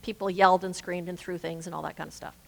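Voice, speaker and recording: A woman minister giving a gentle, reflective sermon, slowing down to stress key words. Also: fairly low pitch, steady tone, creaky. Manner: gentle, reflective, with slow emphatic phrasing. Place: spiritual center sanctuary. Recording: reverberant hall.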